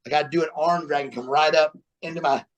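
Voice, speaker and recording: A man guesting on a podcast, telling stories in an animated way, repeating words and laughing as he goes. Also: on the high side, fast, lo-fi sound. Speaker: guest, former wrestler. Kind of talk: storytelling interview. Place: remote interview, podcast.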